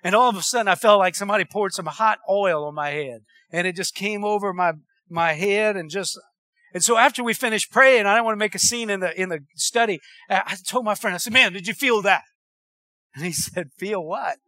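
A man's voice: high voice, bright, forceful tone, dry recording. A man preaching a sermon, telling stories and calling out for amens. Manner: preacherly, calls for amens, conversational storytelling. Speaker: pastor.

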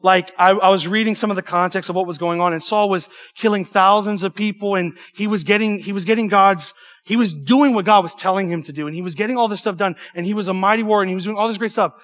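High-voiced young man preaching. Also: quick pace. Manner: animated, emphatic preaching with stumbles and asides. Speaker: youth pastor. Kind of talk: sermon.

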